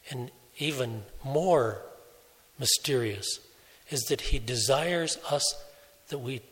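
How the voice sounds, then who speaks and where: A man preaching a sermon, telling a story slowly and deliberately, softening his voice for quoted speech. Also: mid-range voice. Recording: long hall reverb.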